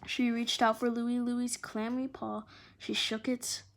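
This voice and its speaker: A woman reading a children's adventure novel aloud in an expressive, animated way. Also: a little high, a little slow. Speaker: storyteller.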